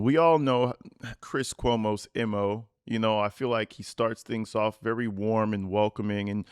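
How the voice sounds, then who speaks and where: A man ranting in a profane, mocking, animated style while giving reaction commentary on a video. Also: fairly low pitch, clear, resonant tone, no echo, studio quality. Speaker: commentary YouTuber.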